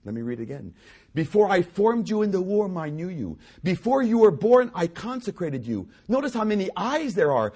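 Husky high-voiced preacher, dramatic swings. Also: male voice, lively intonation, brisk. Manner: swings from loud emphatic repetition to low hushed delivery. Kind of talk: sermon.

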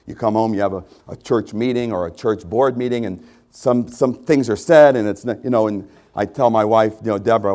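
A man's voice: fairly low pitch, quick pace, few pauses, a little mellow. A male pastor preaching a conversational sermon to his congregation, repeating phrases for emphasis.

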